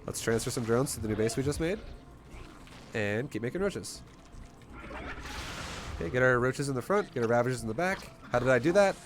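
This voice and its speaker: Blunt, energetic man coaching a strategy game. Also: mid-range voice, a little fast, pauses often, noisy background. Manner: energetic, blunt, swears casually. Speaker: gameplay coach. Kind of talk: casual live game commentary and teaching.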